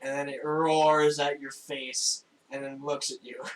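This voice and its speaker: A young man narrating a tabletop game as game master, in a casual, halting way with frequent laughs. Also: a little high, flat delivery, low-quality recording. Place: home room, recorded for a stream.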